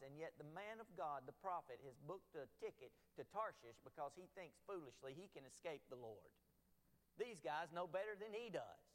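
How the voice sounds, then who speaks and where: High, lively-voiced preacher in a reverberant church. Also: male voice. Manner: emphatic, animated preaching. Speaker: pastor. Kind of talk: sermon. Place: church sanctuary. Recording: long church-hall reverb.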